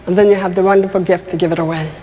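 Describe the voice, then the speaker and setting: A woman doing stand-up comedy, telling stories in a lively way and asking the audience questions. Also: on the low side, racing, big-room sound. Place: stage before a live audience. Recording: live stage with audience laughter and noise.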